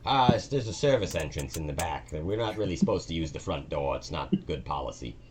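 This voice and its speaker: A man's voice: rumbling low, animated, fairly quick, very noisy. A man voicing a nervous, newly hired male dungeon cleaner who rambles hesitantly and apologizes a lot. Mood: rambling.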